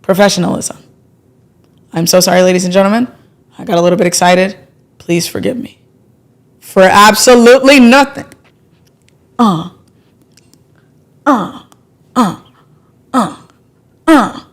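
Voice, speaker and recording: A young adult woman hosting a live stream about stock trading, talking casually and playfully, with sudden bursts of excitement as she thanks her subscribers. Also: medium pitch, unhurried, long pauses. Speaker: livestream trading host.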